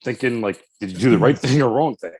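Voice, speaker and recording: A man's voice: mid-range voice, quick pace, a crowd in the background. A man hosting a casual podcast, giggling and restarting his intro as he goes. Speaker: podcast host.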